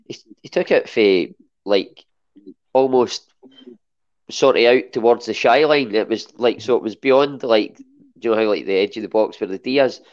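A man's voice: on the low side, normal speed, darkish tone, highs cut off. A Scottish man chatting as a podcast guest, hesitant and full of restarts. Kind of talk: casual chat.

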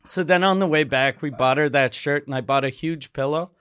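A man's voice: a little high, brisk, fairly bright tone, clear, resonant tone, no room sound, studio quality. A man co-hosting a comedy podcast, chatting casually with many fillers and frequent swearing. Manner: laid-back, swears freely, many fillers. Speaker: podcast co-host.

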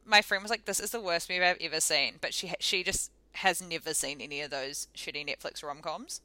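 Bright-voiced New woman podcasting. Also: deep voice, brisk, dry recording. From New Zealand. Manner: chatty, sarcastic storytelling. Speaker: podcast co-host. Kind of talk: casual chat.

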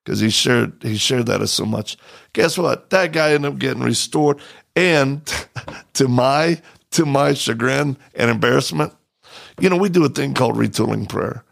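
A man's voice: mid-range voice, moderate pace, vocal fry. A middle-aged man hosting a podcast, telling a story and acting out the quoted voices. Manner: animated, acts out quoted voices. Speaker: podcast host. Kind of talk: storytelling in a casual chat.

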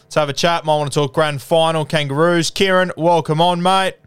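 Young Australian man, casual live-stream host, smooth clear voice, chatty, laid-back. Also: fairly high pitch, flat delivery, a little fast. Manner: laid-back, chatty, calls everyone mate. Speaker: podcast host.

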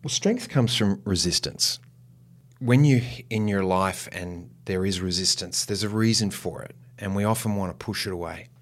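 A man, a guest on a podcast, talking in a reflective, unhurried way and slowing down to stress his points. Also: low voice. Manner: reflective, unhurried, slows for emphasis. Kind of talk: casual chat.

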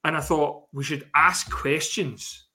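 A man's voice: on the high side, fairly even intonation, slow pace, sharp tone. A man co-hosting a podcast, talking in sweary, rambling banter. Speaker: podcast co-host. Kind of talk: casual chat.

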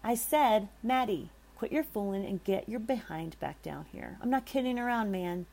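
A woman reading the lines of a frightened young man in a spooky story, with a low, gravelly voice. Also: moderate pace, dark tone. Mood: panicked shouting.

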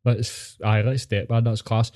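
Glaswegian man, young adult, podcast host, mellow dark voice, sweary ranting chat. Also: mid-range voice, little pitch movement, normal speed. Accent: Scottish, Glaswegian. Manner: sweary, ranting, mimics people. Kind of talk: casual chat.

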